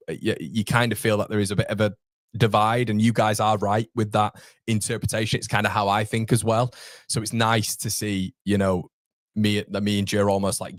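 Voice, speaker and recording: A young man hosting a casual live fan stream, chatting with viewers and reading their comments, matey and quick to laugh. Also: on the low side, dry recording, clean studio sound. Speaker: fan channel host reading live chat. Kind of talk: casual live watchalong chat.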